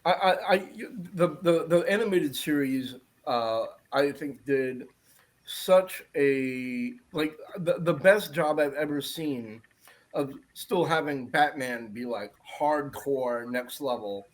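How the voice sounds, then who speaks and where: A man co-hosting a casual podcast chat, praising a TV show earnestly and haltingly, repeating his words. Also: mid-range voice. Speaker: podcast co-host.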